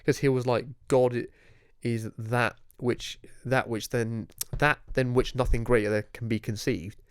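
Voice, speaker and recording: A young man hosting a casual podcast, excitable and sweary, with mocking asides. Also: mid-range voice, a little slow, clean tone, no room sound, clean studio sound. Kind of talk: casual chat.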